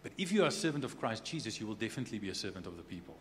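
A man's voice: fairly low pitch, very animated, very fast. A man preaching a sermon in a conversational way, often restarting words and checking in with the listeners. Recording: echoey hall with faint hum.

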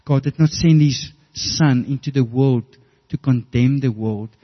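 Brief: middle-aged pastor, mid-pitched, earnest, storytelling sermon with restarts, muffled lo-fi audio. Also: male voice, a little slow.

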